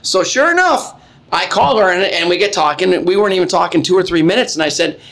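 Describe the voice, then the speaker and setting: A man's voice: sits high, expressive, fast talker, fairly bright tone. A man co-hosting a local chat show, joking and telling stories casually. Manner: jokey storyteller, laughs often. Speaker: podcast co-host.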